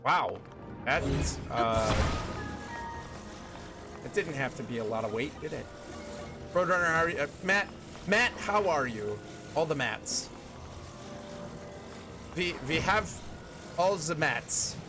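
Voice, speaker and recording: Guy streaming a game, bouncy up-and-down voice, slow easy talk, game music going underneath. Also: on the high side, animated. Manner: playful, sings snatches of songs, greets viewers by name. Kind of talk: casual gameplay chat with chat readers.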